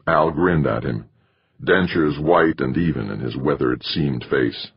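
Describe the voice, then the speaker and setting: A man reading a novel aloud as an audiobook narrator, in expressive storytelling. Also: very deep voice, a little slow, slightly rough, muffled recording. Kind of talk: scripted narration.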